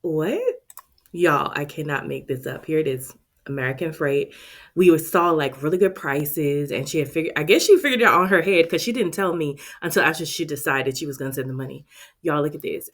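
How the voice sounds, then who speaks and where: A woman, chatting to her viewers in a casual vlog about her budget. Her voice sits low, and she talks in an expressive, friendly way, calling her audience "y'all." She is close to the mic. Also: fairly quick. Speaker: budgeting vlogger and channel host.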